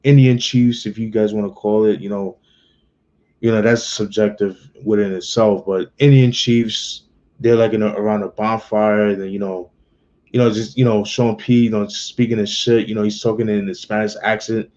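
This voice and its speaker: A man giving a casual, slangy album review, relaxed and loose with lots of fillers. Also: on the low side, normal speed, muffled recording. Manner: laid-back, slangy, many fillers and restarts.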